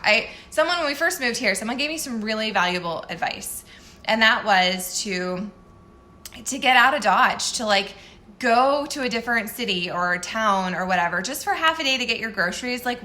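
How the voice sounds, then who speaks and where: A woman's voice: a little high, bright, forceful tone. A woman chatting candidly in a casual morning vlog as a fitness coach, self-deprecating and often laughing.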